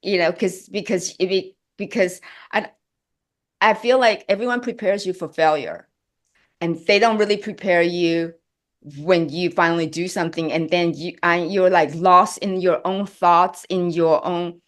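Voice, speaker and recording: A middle-aged actress speaking as an interview guest, emotional and halting with many restarts. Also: female voice, on the low side. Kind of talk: interview chat.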